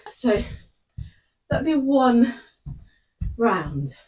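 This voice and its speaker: A fitness instructor talks a viewer through a hard interval workout, panting and out of breath as she goes. Her voice is mellow and sits a little high for a woman, and her pace is slow and unhurried. She sounds set back from the microphone. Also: big pitch swings, muffled recording. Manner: encouraging, short panting cues. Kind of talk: workout follow-along coaching. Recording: voice picked up from a distance.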